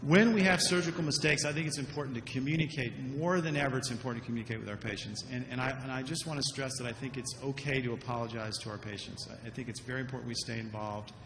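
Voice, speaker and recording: A man's voice: mid-range voice, fairly even intonation, quick pace, few pauses, fairly bright tone. A man giving a conference talk about surgical mistakes, earnest and repeating words when he stresses a point. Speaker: surgeon giving a lecture. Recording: echoey lecture hall, faint noise.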